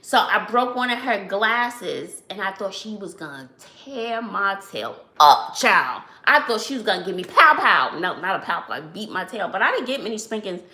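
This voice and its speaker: New lady chatting on her channel, gravelly voice, lots of laughing, echoey room. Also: mid-range voice, moderate pace, few pauses. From Brooklyn, New York. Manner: animated storyteller, laughs often, says "child". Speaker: channel host. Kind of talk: casual chat on a livestream.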